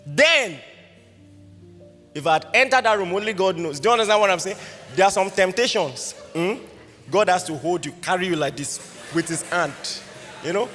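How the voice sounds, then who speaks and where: High-voiced Nigerian preacher telling a story. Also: male voice, moderate pace, pauses often. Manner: lively anecdotal preaching, frequent rhetorical questions. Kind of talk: storytelling sermon. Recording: reverberant hall with faint music.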